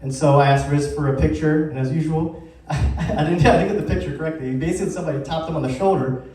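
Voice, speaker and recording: A man's voice: on the high side, fast, dark tone. A man in his thirties, the founder of a community group, giving an upbeat anniversary talk to a live audience and asking the crowd questions. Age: 30s. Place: event space with live audience. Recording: very echoey room, heard from a distance.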